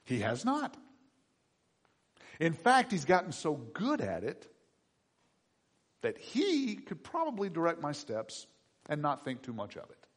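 A man in his fifties, a pastor preaching a sermon through personal stories, swinging between loud bursts and hushed asides. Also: a little high, wildly swooping pitch, measured pace, long pauses. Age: 50s.

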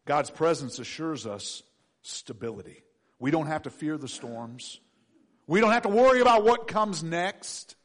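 A middle-aged man preaching a sermon, acting out voices and swinging from loud to hushed. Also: mid-range voice. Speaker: pastor.

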